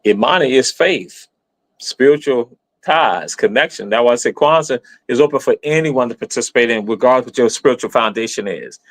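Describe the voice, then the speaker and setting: A man's voice: medium pitch, a little fast, no room sound. A man giving an explanatory live stream talk in an emphatic, teacherly way, repeating himself and spelling words out letter by letter.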